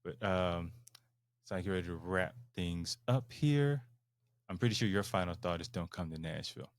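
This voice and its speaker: A man's voice: sits low, expressive, normal speed, dry recording. A man hosting a podcast, chatting casually and laughing with his co-hosts. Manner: laughing, wrapping up the show. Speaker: podcast host. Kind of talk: casual chat.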